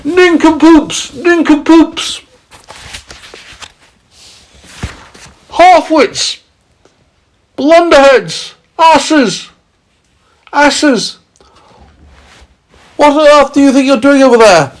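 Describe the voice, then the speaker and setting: A man voicing a boastful, rude male centipede from a storybook, who shouts insults and scoffs. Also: medium pitch, big pitch swings, a little slow, breathy edge, heavily acted. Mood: yelling insults.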